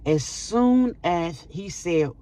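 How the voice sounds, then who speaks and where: A middle-aged woman vlogger telling a personal story in an animated way, with dramatic exclamations. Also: on the low side, very slow.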